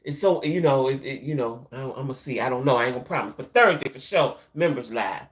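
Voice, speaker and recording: A middle-aged woman with a deep voice hosts a loose live-stream chat on her YouTube channel, talking fast and animatedly. She's chatty, repeats herself, and calls her viewers "y'all."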